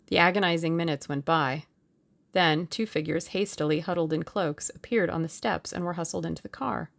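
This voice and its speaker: Low gravelly woman reading a novel. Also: moderate pace. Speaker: audiobook narrator. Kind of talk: audiobook narration.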